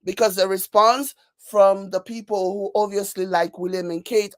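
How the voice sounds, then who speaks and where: A woman with a Nigerian accent hosting a casual commentary show, reading viewer comments and mocking them with animated, repetitive emphasis. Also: medium pitch, normal speed, few pauses, no room sound. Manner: animated, laughing, mocking, repeats herself for emphasis. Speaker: commentary channel host.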